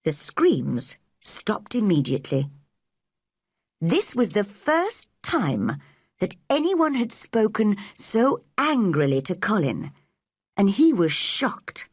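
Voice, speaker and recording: A woman narrating a simple storybook clearly and deliberately for English learners. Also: medium pitch, big pitch swings, no room sound, clean studio sound.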